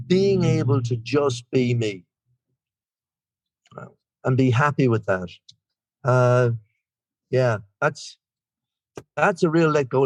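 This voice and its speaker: An Irish man in his sixties tells his recovery story in a rambling, self-deprecating way. His voice sits a little high for a man. The sound is dry and close, with no room around it. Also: no room sound. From Ireland. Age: 60s. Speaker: guest speaker. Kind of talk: recovery meeting share.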